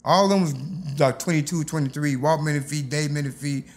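A Detroit man with a slightly high voice and fairly quick delivery tells a story as an interview guest. He speaks casually and animatedly, acting out other people's lines.

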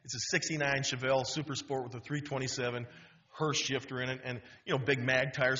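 Animated storytelling man in his fifties. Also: mid-range voice, a little fast, background noise. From Wisconsin. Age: 50s. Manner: animated, humorous, full of restarts. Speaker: guest speaker. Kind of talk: storytelling talk. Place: university auditorium. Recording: dull auditorium recording.

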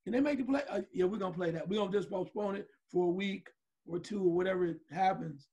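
A husky, high-pitched man co-hosts a casual sports talk show. He jokes in an animated way, and his voice sounds breathy and rough. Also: quick pace, muffled recording. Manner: animated, joking storyteller. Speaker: co-host.

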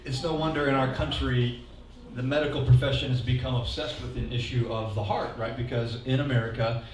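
Lively preacher in an echoey hall. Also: male voice, medium pitch, fairly quick. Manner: animated, leads call-and-response, asks the congregation to repeat lines. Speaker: pastor. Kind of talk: lively sermon. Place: church hall. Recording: echoey hall, mic heard from a distance.

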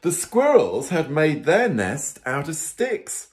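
Animated male priest at story time. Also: fairly high pitch, slow pace. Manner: animated, asks the children questions and counts along. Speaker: priest reading to young children.

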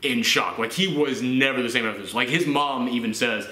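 A man's voice: mid-range voice, a little fast, sharp tone. A man from the Southern United States giving a casual film review, chatty, with laughing asides and acted-out quotes. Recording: roomy echo.

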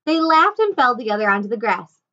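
Woman teacher, animated read-aloud, higher voice, dull lo-fi sound. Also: brisk. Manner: expressive, animated. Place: home.

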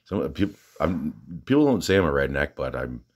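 A man's voice: extremely low pitch, very animated, normal speed. A man with a Southern US accent, casually vlogging about his gym training, rambling with lots of fillers and restarts and a little out of breath. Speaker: fitness vlogger.

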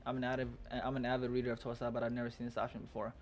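A man reading a webtoon aloud as a reaction host, cutting in with excitable, profane outbursts and loud pleading. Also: medium pitch, very fast, faint music behind.

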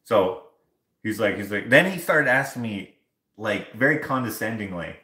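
A Canadian man livestreams casual stories from his home kitchen as he washes dishes, animatedly acting out the people in them. His voice sits on the low side, moves at a moderate pace, and sounds reverberant.

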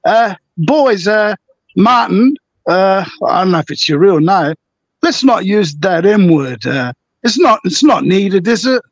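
A man's voice: high voice, lively intonation, unhurried, no echo, dull audio. A man on a debate panel speaking in a hesitant, conciliatory way with many fillers. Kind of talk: heated online call-in debate.

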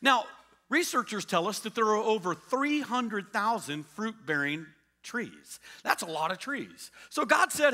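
Bright, animated male pastor preaching. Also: high-pitched, measured pace, long reverb tail. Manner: animated storytelling with acted-out quotes. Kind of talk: sermon. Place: church.

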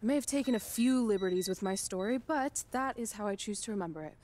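An actress voicing a feisty, hot-tempered teenage girl wrestler in a video game cutscene, brash and quick to threaten. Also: medium pitch, a little mellow, natural voice. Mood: sarcastic.

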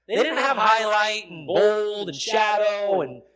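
A man with a high, light voice preaches a sermon in a church, explaining patiently and then pressing hard on his key points until he is almost shouting. The recording is poor, with the murmur of a congregation behind him. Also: animated, takes it slowly. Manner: explanatory teaching with repeated phrases and fillers. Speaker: pastor. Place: church sanctuary. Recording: noisy sanctuary recording with crowd sound, poor audio.

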